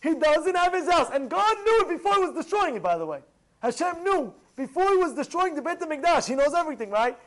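A man, a rabbi, preaching a sermon, moving from hushed storytelling to loud, animated outbursts. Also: extremely high pitch, fast talker.

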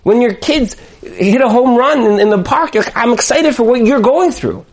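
High-voiced man giving a lively Torah talk. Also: normal speed. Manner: animated storyteller, acts out quoted voices. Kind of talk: Torah talk with personal stories.

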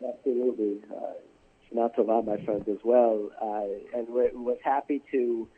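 A man's voice: medium pitch, fairly even intonation, normal speed, breathy edge. A man, a congressman, guest on a radio interview, pressing political talking points and restarting his sentences. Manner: combative political talking points, repeats words when starting. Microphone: telephone. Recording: tinny phone line.

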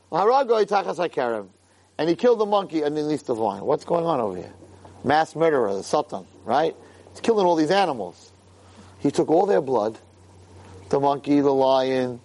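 Animated rabbi teaching a class. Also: male voice, on the high side. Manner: animated, reads Hebrew source lines then translates them. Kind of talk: Torah class lecture. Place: room with a live audience.

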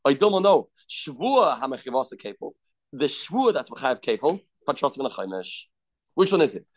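A man's voice: mid-range voice, sing-song, normal speed. A man teaching a daily Talmud class, explaining step by step, putting questions and answering them himself. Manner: mixes English with Hebrew and Aramaic terms.

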